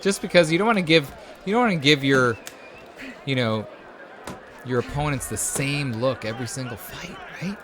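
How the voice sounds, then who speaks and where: A man hosting a let's-play, commentating on a video game in a casual, excitable way, cheering at the screen and dropping to a hushed voice when it gets tense. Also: mid-range voice, moderate pace, pauses often, background noise. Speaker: host.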